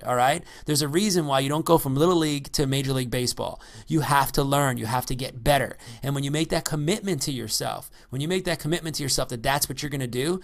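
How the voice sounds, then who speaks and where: A man's voice: medium pitch, vocal fry. Guy doing an unscripted coaching talk, pumped up, keeps saying all right?. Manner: energetic, repetitive, coaching tone with frequent "all right?". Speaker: real estate investing coach. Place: by the ocean. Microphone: microphone.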